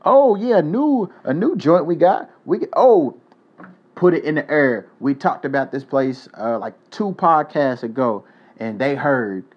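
A man's voice: on the high side, expressive, a little slow, highs cut off. Young man hosting a loose, profane podcast. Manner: loose, joking, profane shout-outs. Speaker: podcast host. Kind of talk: casual solo podcast.

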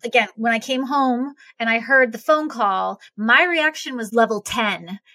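Podcast guest, woman; animated and blunt; bright tone, slightly high; dry, close sound. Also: a little slow, no echo. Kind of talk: conversational explaining.

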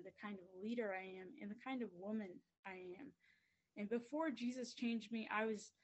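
An earnest woman speaks as a coach giving a faith-based motivational talk. She leans on repeated phrases to build a steady, emphatic rhythm. Her pitch sits in the middle range for a woman. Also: low-quality recording. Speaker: basketball coach and guest speaker.

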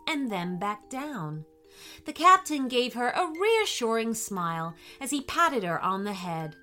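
Slow, lively woman reading a kids' story. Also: mid-range voice. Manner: gentle, expressive storybook reading with voiced quotes. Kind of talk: children's bedtime story narration.

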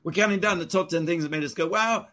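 A man's voice: sits high, quick pace, sharp tone. A man co-hosting a casual talk show, breezy and gossipy in manner. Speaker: co-host. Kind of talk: casual chat.

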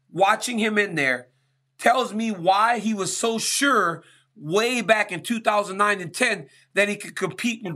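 Bright, high-voiced man hosting sports talk. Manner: emphatic, keeps asking "right?". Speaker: host answering listener questions.

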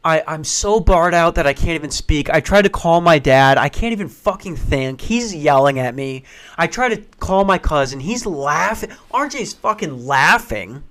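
A man telling a funny personal story in casual, profane, animated style. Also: fairly high pitch. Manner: profane, animated, acts out voices, rushes when excited.

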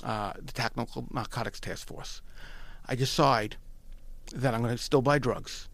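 A man from Long Island recounts his past in a loose, animated way, circling back and repeating himself. His voice is gravelly and mid-pitched. The sound is dry and close. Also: a little slow, dry recording. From Long Island, New York. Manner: animated, repeats phrases, often restarts. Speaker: guest telling his story. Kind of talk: casual storytelling.

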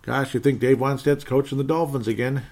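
A man talks through the week's football results on his own podcast, in an average-pitched voice. He rambles and turns sarcastic, sighing and chuckling between scores. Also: steady tone, brisk, a little mellow. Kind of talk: casual solo sports recap.

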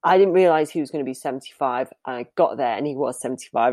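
A woman's voice: very deep voice, a little fast, a little mellow, no echo. A woman, a professional dominatrix, answering interview questions in a candid, chatty way and laughing easily.

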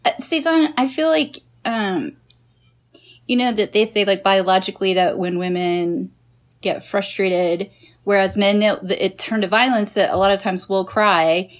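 A woman chatting casually as a podcast co-host, telling animated joking stories and laughing often. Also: mid-range voice, measured pace. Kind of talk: casual chat.

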